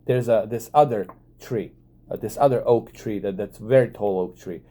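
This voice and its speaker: Dark-voiced man telling a story. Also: on the low side, normal speed. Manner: excitable, profane, many fillers and restarts. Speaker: vlogger. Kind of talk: casual storytelling to camera.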